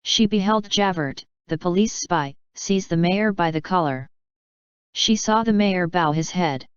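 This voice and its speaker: A woman reads a classic novel aloud in a measured, even way. Her voice is low and strikingly clean and smooth, recorded close and dry, with a slightly dull, lo-fi tone. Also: dry recording. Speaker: audiobook narrator. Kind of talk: scripted audiobook narration.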